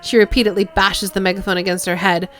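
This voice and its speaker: A woman streamer reading a video game's text aloud in a lively way, with casual remarks of her own. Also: medium pitch, fast, soft background music.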